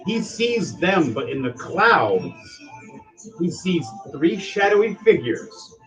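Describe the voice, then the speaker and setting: Animated man running a tabletop game. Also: high voice, takes it slowly, over music, rough recording. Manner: animated, dramatic outbursts. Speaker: game master.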